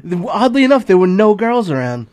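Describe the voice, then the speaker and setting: A man's voice: sits high, sing-song, fairly quick, darkish tone. A man from Long Island, chatting on a podcast and recalling his youth with easy laughter and self-deprecating humor. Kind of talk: casual chat.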